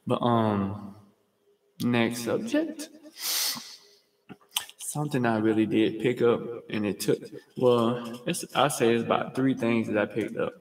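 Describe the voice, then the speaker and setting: A young man from Georgia hosting a livestream, telling rambling, profane stories in slangy, fast casual talk. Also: mid-range voice, very animated. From US state of Georgia. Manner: fast talker. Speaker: livestream host. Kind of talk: casual storytelling monologue. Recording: roomy with long reverb.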